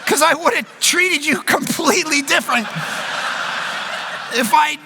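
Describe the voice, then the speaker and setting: A man preaching at a conference in a large hall, telling quick, joking, self-deprecating stories. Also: very high-pitched, gravelly, noisy background. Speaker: pastor. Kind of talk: conference sermon. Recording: long hall reverb.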